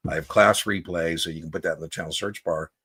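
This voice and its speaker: A man's voice: deep voice, steady tone, quick pace, fairly bright tone, breathy edge. A man coaching exam takers on a live stream. He talks casually, often asks "right?", and tells stories from his own life as examples.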